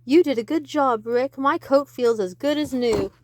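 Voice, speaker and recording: A woman voicing a kindly older lady neighbor in a storybook read-aloud, with high, lilting, drawn-out calls. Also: no echo, lightly acted. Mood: cheerful.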